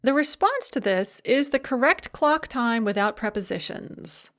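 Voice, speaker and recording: Woman teaching with slow, careful examples. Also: fairly high pitch, expressive, fairly bright tone. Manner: clear, methodical explaining with slow modeled Russian phrases. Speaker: Russian language instructor. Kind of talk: recorded lecture.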